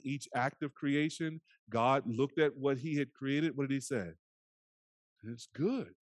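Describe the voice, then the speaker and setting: A man preaching a sermon as pastor, earnest, often dropping to soft hushed phrases. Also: fairly high pitch, no echo. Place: church sanctuary.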